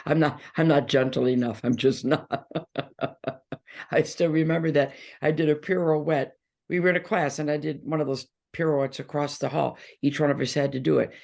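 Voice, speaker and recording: An older woman guesting in an interview, telling lively stories in casual chat and laughing often. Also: sits low, moderate pace, vocal fry.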